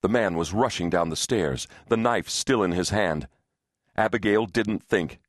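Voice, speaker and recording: A man with a fairly low voice narrating a thriller audiobook. He reads in a steady, tense storytelling manner. The recording is dry and close, with no room sound. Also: measured pace, dry recording.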